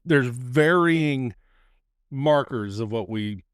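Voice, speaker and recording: A man hosting a podcast, chatting in a relaxed way and laughing easily. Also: medium pitch, takes it slowly, smooth, no echo, clean studio sound. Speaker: podcast host. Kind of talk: casual chat. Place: outdoor patio.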